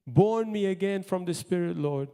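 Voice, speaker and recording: A man preaching a sermon as pastor, in impassioned bursts that drop to quiet asides. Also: sits high, normal speed, clear, resonant tone. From Malta. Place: church hall. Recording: long hall reverb.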